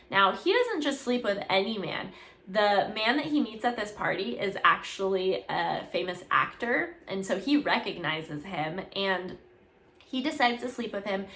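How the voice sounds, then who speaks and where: Woman, book recap, chatty, bright voice, echoey room. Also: mid-range voice. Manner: chatty, many "like"s. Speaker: book reviewer. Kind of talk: casual plot recap.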